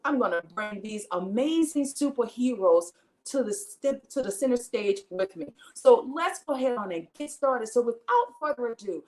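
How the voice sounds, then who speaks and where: High-voiced woman hosting with gusto. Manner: enthusiastic, hypes guests with cheers. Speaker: host. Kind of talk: lively show hosting.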